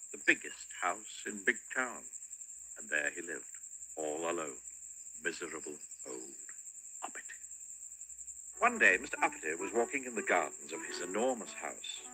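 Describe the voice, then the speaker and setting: Animated, husky-voiced male storyteller. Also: poor audio. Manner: highly expressive, swooping delivery. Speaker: audiobook narrator.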